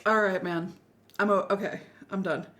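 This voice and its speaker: A woman's voice: mid-range voice, fairly even intonation, normal speed, a bit bright, a little hiss or hum. A woman co-hosting a podcast in casual chat, often breaking into laughter. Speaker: podcast co-host.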